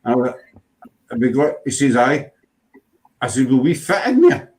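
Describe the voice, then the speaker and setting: A man's voice: medium pitch, very animated, normal speed, darkish tone, poor audio. A man chatting casually as host, rambling through stories and saying "you know" a lot. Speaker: podcast host. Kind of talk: casual chat.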